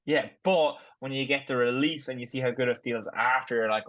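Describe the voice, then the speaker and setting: A man chats quickly on a podcast, his words tumbling out with lots of "like". His voice sits at a middle pitch. It is recorded close and dry, with no room sound. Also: fairly bright tone, no echo, poor audio. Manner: quick, chatty, sprinkled with "like". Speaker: podcast co-host. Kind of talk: casual chat.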